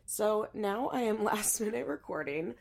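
Casting note: young woman, podcast host, hoarse and congested, gravelly fry, casual rambling chat with laughs and fillers. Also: medium pitch, lively intonation, a little slow, darkish tone. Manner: chatty, laughs often, many fillers and restarts. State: stuffy nose and hoarse voice.

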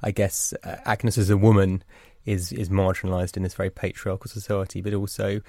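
Man, London accent, quick pace, lowish voice, dry close mic. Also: little pitch movement, gravelly, a little mellow, no echo. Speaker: interviewer. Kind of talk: literary interview.

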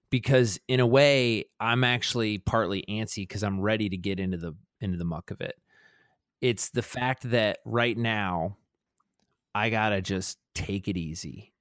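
Lowish guy rambling through his thoughts on a podcast, dry mic. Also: a bit bright, dry recording. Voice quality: rambling, self-reflective, many restarts. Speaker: podcast co-host. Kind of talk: casual chat.

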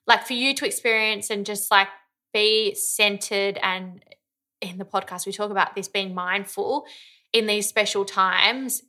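A woman's voice: mid-range voice, steady tone, unhurried, pushed and bright. A young woman co-hosting a podcast in casual chat, bubbly and emotional, often laughing. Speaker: podcast co-host.

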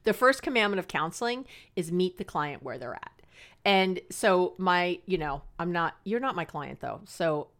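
A woman's voice: fairly low pitch, expressive, moderate pace, a bit bright. A middle-aged woman counselor hosting an advice podcast, talking in a chatty, earnest and passionate way and laughing at herself. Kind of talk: casual advice podcast monologue.

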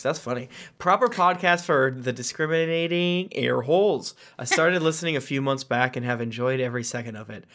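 A man's voice: mid-range voice, fairly bright tone. A man hosting a casual podcast, reading listener reviews aloud and breaking off into jokey asides and chuckles. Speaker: podcast host.

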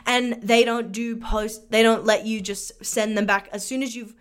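Brief: young woman with a high voice, lively podcast storyteller who swears freely. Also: normal speed, clear, resonant tone. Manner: animated, swears freely, acts out both sides of the story. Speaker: podcast co-host. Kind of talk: casual comedic storytelling.

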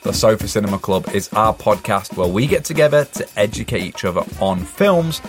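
A man's voice: on the low side, a little fast, soft background music. A man hosting a podcast, giving upbeat, presenter-like introductions. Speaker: podcast host. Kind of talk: casual podcast chat.

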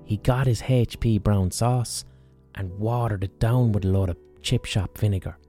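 A man's voice: on the low side, moderate pace, dark tone, soft background music. A man hosting a podcast, telling a history story in a casual, profane, jokey way and acting out the people he quotes. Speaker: podcast host.

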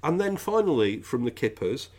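A man's voice: mid-range voice, big pitch swings, moderate pace. A man hosting a podcast, chatting casually about politics in a jokey, rambling way. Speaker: podcast host.

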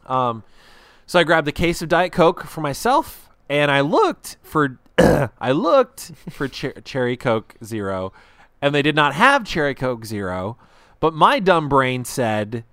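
A man's voice: medium pitch, big pitch swings, measured pace, fairly bright tone, no room sound. A young man telling a story in a casual podcast chat, rambling and self-deprecating with lots of fillers.

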